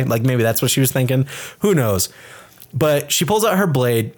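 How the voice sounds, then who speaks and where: A man's voice: mid-range voice, lively intonation, moderate pace. A man co-hosting a casual movie review podcast, retelling scenes animatedly and acting out the characters' lines in raised voices. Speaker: podcast co-host.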